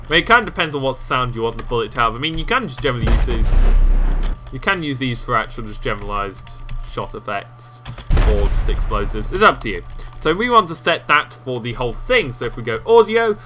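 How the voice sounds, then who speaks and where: Speaking into a desktop microphone in a mid-range voice, a game tutorial host walks viewers through video editing software. The tutorial is casual and rambling, sprinkled with self-mocking remarks.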